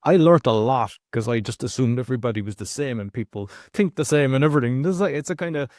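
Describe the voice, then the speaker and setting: A man's voice: medium pitch, lively intonation, quick pace, darkish tone, dry recording, clean studio sound. An Irish man hosting a podcast, reading an intro and chatting loosely with many restarts. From Ireland. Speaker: podcast host. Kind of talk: casual podcast interview.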